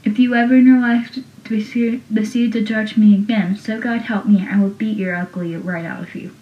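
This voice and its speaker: A woman's voice: mid-range voice, steady tone, moderate pace, natural voice. A young woman reading the lines of a stern young male town cop in her own voice. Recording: dull, roomy, from a distance.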